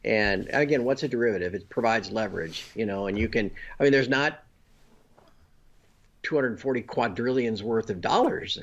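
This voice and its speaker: A man's voice: on the low side, normal speed, a bit bright, muffled recording. A man being interviewed, explaining finance step by step and often checking in with "you know" and "okay?". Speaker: guest. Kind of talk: conversational interview.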